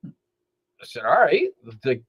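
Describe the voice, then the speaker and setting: A man's voice: a little high, unhurried, slightly rough, muffled recording. Man telling skeptic stories casually. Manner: animated storyteller, acts out quoted dialogue. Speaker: skeptical investigator. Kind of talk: casual podcast chat. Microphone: studio microphone.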